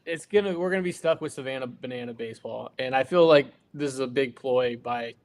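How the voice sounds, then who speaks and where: A man's voice: medium pitch, brisk. A young man co-hosting a casual live stream, talking in repeated, hedging phrases. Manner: repeats himself, hedges with "like". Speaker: co-host.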